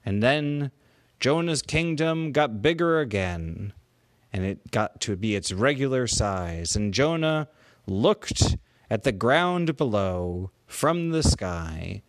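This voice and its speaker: A man makes up a children's bedtime story as he goes, in a mid-range voice. He talks slowly, pausing and correcting himself here and there. The sound is dry, with no room echo. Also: medium pitch, very animated. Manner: unhurried, with pauses and small self-corrections.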